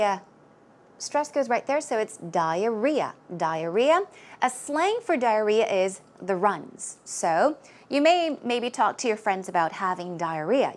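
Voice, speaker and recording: Lively, high-voiced woman teaching English. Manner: patient, repeats words for pronunciation drills. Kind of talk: explaining vocabulary in a lesson.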